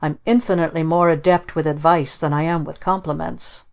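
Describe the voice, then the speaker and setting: A woman reading the part of a teasing, blustery gentleman uncle in a storybook, asking sharp mocking questions. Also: low voice, fairly even intonation, brisk, vocal fry. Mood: grand.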